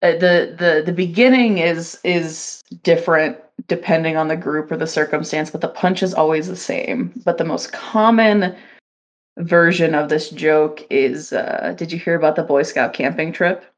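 A woman co-hosting a casual podcast, hesitant and quick to laugh. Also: low-pitched. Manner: slow, hesitant, laughs often. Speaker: podcast co-host.

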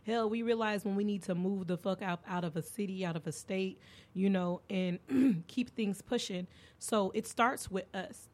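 Her voice is medium-pitched and moderately paced as this young woman hosts a podcast. She chats casually and candidly through her stories, acting out the quotes with animation.

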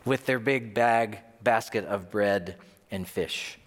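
A man preaching a sermon in a conversational, animated way, often acting out bits of dialogue. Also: lowish voice, slow. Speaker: pastor. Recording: long reverb of a large hall.

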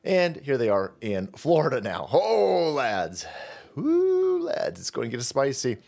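A man's voice: mid-range voice, huge pitch swings, a little slow, vocal fry, a little mellow. A man hosting crude political commentary, mocking and swaggering, slipping into sneering mock voices. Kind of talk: profane ranting commentary.

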